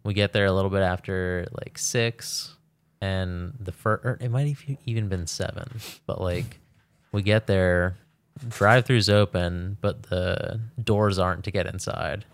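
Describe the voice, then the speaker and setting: Deep gravelly man, laid-back. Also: steady tone, a little slow. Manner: laid-back storyteller, lots of fillers. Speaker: podcast co-host. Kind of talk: casual chat.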